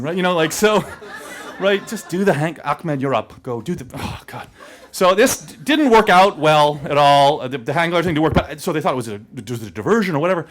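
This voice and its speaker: A man telling a comic personal story on stage, his pitch leaping up and down as he gets into it. His voice sits a touch high, and he laughs his way through the telling with a loose, filler-heavy delivery. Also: lively intonation, a little fast, fairly bright tone. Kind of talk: live personal storytelling to an audience.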